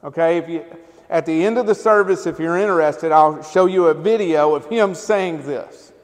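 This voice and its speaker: A man's voice: a little high, moderate pace. A male pastor preaching a sermon in a loose, conversational way, often checking in with the congregation. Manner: conversational, keeps asking the congregation "right?" and "amen?". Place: church sanctuary. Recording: long church hall reverb.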